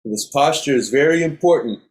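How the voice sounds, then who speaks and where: Calm middle-aged male yoga teacher, steady instructive cues, mid-pitched voice. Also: fairly quick. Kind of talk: guided breathing class.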